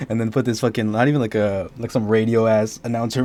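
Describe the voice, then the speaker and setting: A man's voice: lowish voice, expressive, unhurried, pauses often, darkish tone. Laid-back young man on voice chat. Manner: laid-back banter with slang and swearing. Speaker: streamer host. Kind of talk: casual gaming chat.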